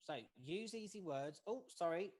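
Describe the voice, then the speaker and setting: A facilitator teaches an online workshop in a steady, deliberate way. Points come one at a time, each capped with a quick "okay?" to keep the remote group following. The voice comes through a video-call mic. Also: medium pitch. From United States. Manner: measured, often checks in with "okay?". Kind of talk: online training lecture.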